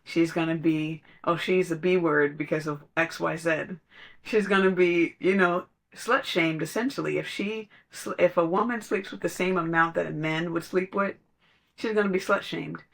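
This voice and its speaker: Podcast speaker, casual spiritual talk, conversational, laughs while telling stories, middle pitch. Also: fairly even intonation, normal speed, gravelly, fairly bright tone.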